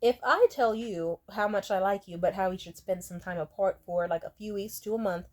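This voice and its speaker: A woman's voice: mid-range voice, a little fast, darkish tone. A young woman in her twenties telling a rambling, candid storytime vlog, swearing freely and slipping into quoted voices. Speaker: vlogger.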